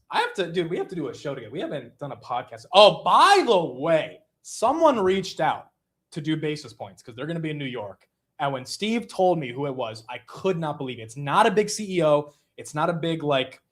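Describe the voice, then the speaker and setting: A young man hosting a casual livestream, laughing at himself and reacting quickly to the chat. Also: fairly high pitch. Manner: animated, self-mocking, reacting to chat. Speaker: livestream host.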